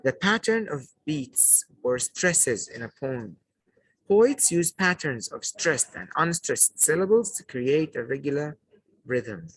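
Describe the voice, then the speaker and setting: A man with a fairly high, animated, fairly bright voice teaches a poetry lesson to a class, asking questions, praising the answers, and repeating key points. His delivery is slow and repetitive, and the low-quality recording has no room sound.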